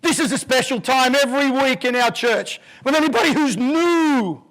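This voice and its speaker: A man acting out an excited preacher with a rhythmic preaching cadence. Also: very high-pitched, moderate pace, pitched above the performer's own voice, rough recording. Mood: welcoming. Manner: preaching call-and-response cadence. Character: excited booming preacher man, fiery and joyful.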